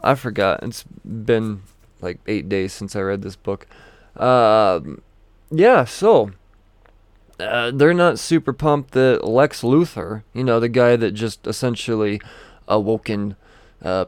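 A man's voice: medium pitch, clear, resonant tone, no echo. Male comic reviewer, casual and rambling, self-interrupting, clean resonant tone, dry close mic. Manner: chatty, self-interrupting, laughs often, swears casually.

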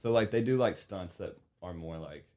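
A man's voice: sits low, moderate pace, mellow. A man chatting casually on a comedy podcast, packing his talk with fillers. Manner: filler-heavy, lots of "like". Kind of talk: casual chat.

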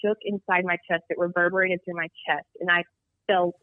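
Woman guest, call-in storyteller, lively and rambling, thin dry phone audio. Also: on the low side, brisk, no room sound. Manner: animated, rambling storyteller who acts out dialogue. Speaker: guest telling a Bigfoot encounter. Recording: tinny dry phone line.

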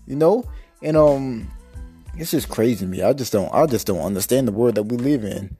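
A man's voice: mid-range voice, expressive, brisk, dark tone, slightly rough, faint music behind. A man hosting a podcast, ranting in a casual, slangy way and often repeating himself for emphasis. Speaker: podcast host. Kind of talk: casual rant.

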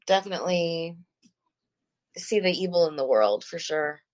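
A young woman giving a halting personal testimony as a guest, soft-spoken with many pauses. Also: lowish voice, animated, low-quality recording. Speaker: guest sharing her story.

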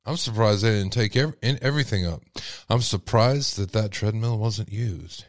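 A man with a Texas accent and a deep voice, hosting a casual livestream and reacting with loud disbelief. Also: moderate pace, no echo, studio quality. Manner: animated, exclaiming in disbelief. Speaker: podcast host.

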